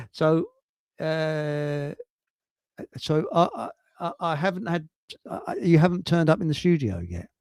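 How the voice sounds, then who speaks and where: A man hosting a casual livestream, rambling and halting over technical trouble with many restarts. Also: fairly high pitch, a little mellow, clear, resonant tone, dry recording, studio quality. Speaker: livestream host. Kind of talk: casual chat. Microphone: computer mic on a video stream.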